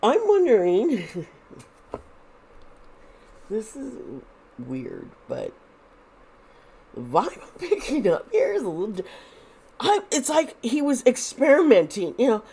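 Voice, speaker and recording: Slow, halting woman reading tarot. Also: on the high side, wildly swooping pitch, warm tone, slight background noise. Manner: halting, thinking aloud with many restarts; nervous, uneasy. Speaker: tarot reader and video host. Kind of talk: casual true crime tarot reading.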